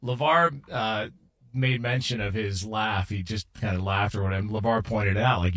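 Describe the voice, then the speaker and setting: A man's voice: lowish voice, moderate pace, a bit bright. A man hosting a sports radio show, chatting casually and running down what is coming up next. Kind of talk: casual chat and show rundown.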